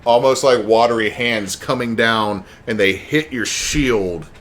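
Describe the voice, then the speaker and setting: A man running a tabletop game as game master, telling the scene in an animated way with spoken sound effects. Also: mid-range voice, unhurried.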